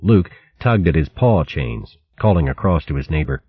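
Deep, husky male storybook narrator. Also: no echo. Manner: measured, dramatic storytelling. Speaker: audiobook narrator. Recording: dull dry audiobook recording.

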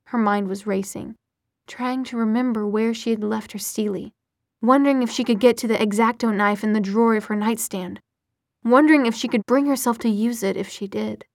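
A woman narrating an audiobook in a steady, expressive reading voice. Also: fairly high pitch, normal speed, dry recording, studio quality.

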